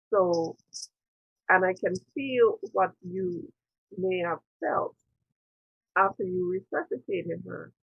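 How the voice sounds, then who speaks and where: A woman interviewer speaks over a tinny, phone-like video call with a gravelly, husky texture to her voice. She talks earnestly and wanders through her story, voicing her own past thoughts as quotes. The sound is dry and close. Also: fairly low pitch, no echo. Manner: earnest, digressive, with quoted inner dialogue. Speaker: spiritual interviewer and priestess. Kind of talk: reflective personal storytelling.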